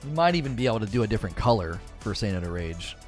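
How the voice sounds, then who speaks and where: A man's voice: on the low side, very animated, very fast, soft background music. A man in his thirties chatting casually on a live stream as the streamer, rambling with many fillers and restarts.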